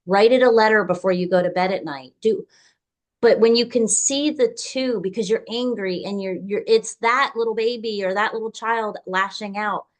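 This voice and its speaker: A woman's voice: mid-range voice, moderate pace. A woman hosting a podcast speaks in a mid-range voice. She gives her guest firm, practical suggestions, one step at a time. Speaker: podcast host. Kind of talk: advice in conversation.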